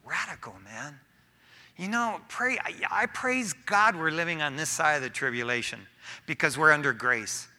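Bright, animated male preacher. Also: fairly high pitch, normal speed. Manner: casual, animated preaching with frequent "man". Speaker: pastor. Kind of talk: sermon.

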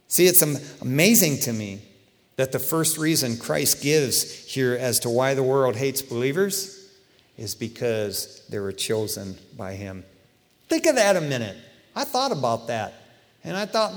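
A middle-aged man preaching a sermon as pastor, conversational and impassioned, swinging between loud outbursts and hushed asides. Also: mid-range voice, expressive, a little slow. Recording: long hall reverb.

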